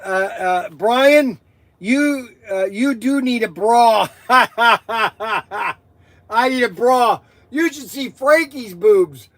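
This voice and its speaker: Male livestream host, excitable and teasing, unhurried delivery with a high voice. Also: no echo. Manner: excitable, rambling, laughing, teasing. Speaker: livestream host of a toy shop. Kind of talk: casual livestream chat, reading viewer comments.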